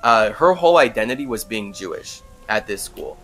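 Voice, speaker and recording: A young man hosting a podcast, telling a story in an animated, casual way with frequent fillers. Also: fairly low pitch, moderate pace, faint music behind. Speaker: podcast host. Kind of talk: casual monologue.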